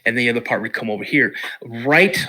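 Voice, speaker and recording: A man from Washington State, a podcast guest telling an animated story and acting out the other people's lines. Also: mid-range voice, a little fast. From Washington State, USA. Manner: lively storyteller who acts out the voices of others.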